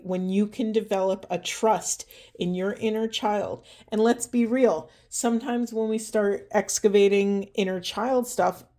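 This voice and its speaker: A woman giving a spiritual card reading in an earnest, emotional way, asking gentle questions, her voice going hoarse. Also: mid-range voice. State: losing her voice. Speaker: tarot and oracle reader.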